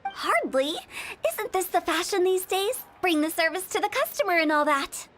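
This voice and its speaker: A woman's voice: very high-pitched, animated, moderate pace. A woman voicing a playful, mischievous young funeral director in a video game, talking with teasing, giggly sales patter. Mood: pushy cheerful. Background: game music.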